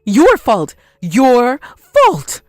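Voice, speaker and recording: A woman's voice: a little high, huge pitch swings, no echo, studio quality, full character voice. A woman voicing a shameless older mother-in-law who blames everyone but herself, in a dramatized story. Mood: defiant. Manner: defiant, self-pitying, quick to blame.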